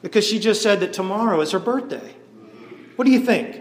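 A man voicing a calm, earnest male preacher who speaks quietly. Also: sits high, brisk, slight background noise. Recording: echoey hall.

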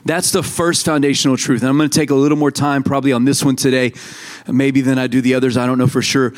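A man's voice: medium pitch, flat delivery, fast talker. A man in his thirties preaching a sermon in a conversational way, telling stories and acting out quoted voices. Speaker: pastor.

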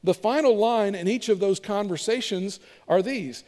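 A man preaching a sermon as pastor, moving between emphatic delivery and hushed, intimate appeals to the congregation. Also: sits high, moderate pace. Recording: long hall reverb.

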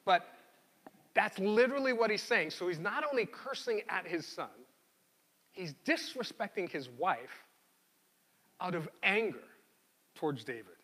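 A man preaching a sermon in an animated, conversational way, often repeating words as he goes. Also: fairly high pitch, moderate pace, in a large hall. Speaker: pastor.

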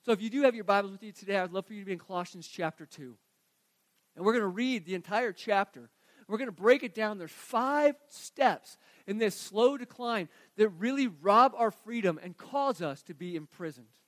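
A man's voice: sits high, expressive, moderate pace, dry recording. A man preaching a sermon as pastor, reading scripture aloud and driving his points home with earnest emphasis. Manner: earnest preaching, swings from quiet reading to emphatic rising delivery.

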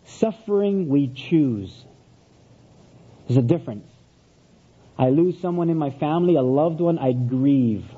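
A middle-aged male pastor with a high, husky voice and a mellow, relaxed tone. He preaches like he is telling a story, repeating key lines for weight. The recording sounds dull and lo-fi. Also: a little slow, long pauses. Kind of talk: sermon.

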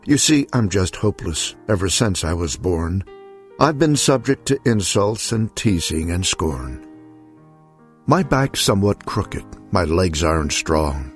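A man's voice: low-pitched, sing-song, measured pace, faint music behind. A man voicing a small, frightened, self-pitying male donkey who pleads in rhyming verse. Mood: fearful pleading.

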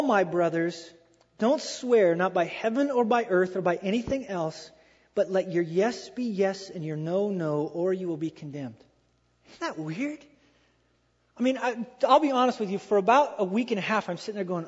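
A man preaching a sermon in a lively, animated way, acting out quoted voices and repeating phrases for emphasis. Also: high voice, normal speed, breathy edge. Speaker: pastor. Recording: dull lo-fi sound with long hall reverb.

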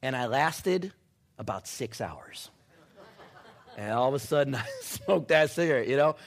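A man preaching a sermon in a chatty storytelling way, full of "you know" and "like", and dropping to a hush now and then. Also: medium pitch, animated, unhurried. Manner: conversational storytelling with many fillers, sudden drops to a hush.

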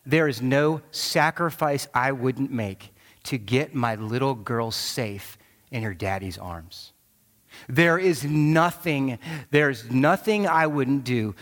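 A man in his thirties preaching a sermon, telling a personal story with animated quoted voices. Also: medium pitch. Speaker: pastor. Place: large church auditorium. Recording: long hall reverb.

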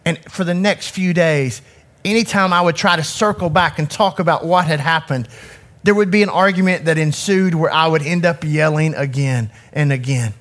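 Speaking at a normal pace in a fairly high, slightly bright voice, this youth ministry director in his forties addresses an audience on a handheld mic. His talk is personal, candid and hard on himself, with many restarted sentences.

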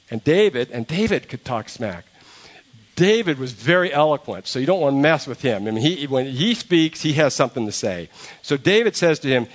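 A man pastor giving a conversational sermon, retelling a story with animated asides and jokes. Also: mid-range voice, normal speed.

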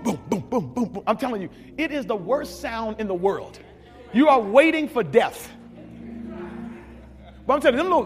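A man preaching a sermon, telling stories with big shouts and sound effects. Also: sits high, in a large hall. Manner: animated storytelling, shouting at peaks, sound effects. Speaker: pastor.

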